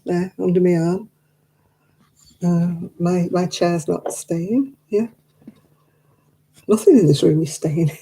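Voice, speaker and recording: Woman, craft stream host, low mellow voice, rambling chat with lots of laughs, close desk mic. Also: creaky. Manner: chatty and rambling, laughs often. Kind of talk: casual chat while knitting, reading viewer comments. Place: living room at home. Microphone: desk microphone.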